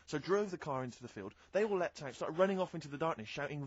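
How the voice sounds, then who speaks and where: A man's voice: fairly high pitch, expressive, quick pace, slightly rough, dry recording, muffled recording. A young man from the West Country, co-hosting a radio show and telling a self-mocking anecdote with laughs. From West Country, England. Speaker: radio co-host. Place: radio studio.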